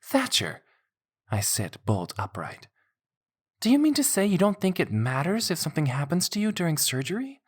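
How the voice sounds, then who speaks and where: A man's voice: mid-range voice, lively intonation, a little slow, breathy edge, voice pushed up. A man voicing a caring, anxious young woman in an audiobook, questioning and rising with alarm.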